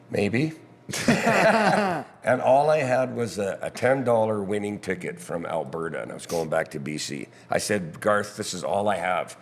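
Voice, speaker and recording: A hoarse man with a very deep voice tells rambling stories between chuckles. The sound is recorded in a pub with a long reverb tail. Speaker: guest musician. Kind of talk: casual storytelling chat. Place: back bar of a pub.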